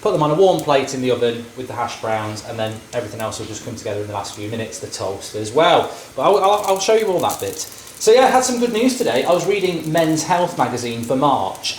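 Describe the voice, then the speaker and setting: A man's voice: fairly high pitch, big pitch swings, a little fast, a little hiss or hum. Rambling, jokey man in an echoey kitchen. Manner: rambling, jokey, opinionated rants. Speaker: vlogger cooking on camera. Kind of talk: casual chat while cooking. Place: home kitchen. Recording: echoey kitchen with frying sizzle. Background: frying and sizzling.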